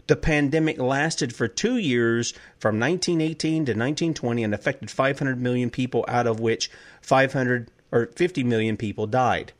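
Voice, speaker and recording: A man's voice: mid-range voice, normal speed, hardly any pauses. A man hosting a talk show, delivering an impassioned political monologue full of heated rhetorical questions. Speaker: host.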